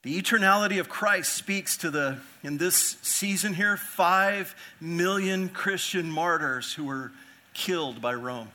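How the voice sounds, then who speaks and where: A pastor preaches an earnest expository sermon, posing rhetorical questions and repeating phrases for emphasis. His voice is high-pitched and sharp, and he speaks without hurry.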